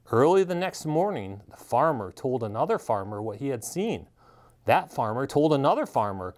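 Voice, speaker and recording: A man telling a children's story aloud with great expression, his pitch swooping widely from line to line. He sits at a middling pitch for a man. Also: a little mellow. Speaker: store manager reading a children's story.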